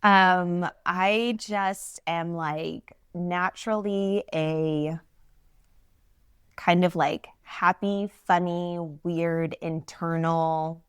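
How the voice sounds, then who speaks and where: Woman, low-pitched, bubbly and chatty, casual podcast talk, dry close mic. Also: steady tone, drawn-out words, clear, resonant tone, no room sound. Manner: bubbly, chatty, laughs often, many fillers.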